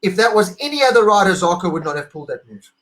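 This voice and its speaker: A man's voice: sits high, big pitch swings, fast, fairly bright tone, rough recording. A man co-hosting a casual motorsport debrief over a video call, emphatic and argumentative, repeating his points. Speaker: co-host.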